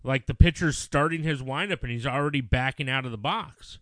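A man in his thirties, a father who coaches youth baseball, telling a story in casual chat, animated and swearing when angry. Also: mid-range voice, fairly quick, no room sound.

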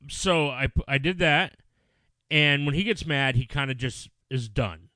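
Animated dad telling a coaching story. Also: male voice, mid-range voice, unhurried, no room sound. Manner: animated storytelling, swearing when angry. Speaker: youth baseball coach and father. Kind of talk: casual chat.

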